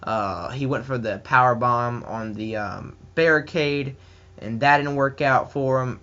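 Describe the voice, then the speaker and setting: A man's voice: medium pitch, measured pace, pushed and bright, lo-fi sound. A man with a Southern US accent giving a casual, enthusiastic solo wrestling review, rambling with many fillers and restarts.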